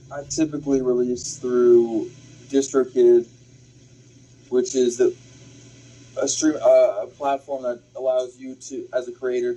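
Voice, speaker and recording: A man speaks in a husky, dark, mellow voice as a guest on a show. He answers casually, halting with fillers and restarts, in a flat, even delivery. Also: mid-range voice, poor audio. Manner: hesitant, many fillers and restarts. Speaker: independent musician guest.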